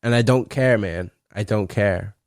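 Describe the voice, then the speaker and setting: A young man hosting a solo podcast, rambling and cursing playfully, breaking into loud laughs. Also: on the low side, measured pace, no room sound, studio quality. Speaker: podcast host. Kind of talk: casual solo podcast rant.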